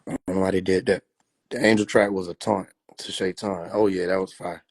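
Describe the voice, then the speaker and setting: A man's voice: sits low, flat delivery, fairly quick, breathy edge. A man chatting casually on a phone livestream, loose and profane, laughing often. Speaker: livestream host.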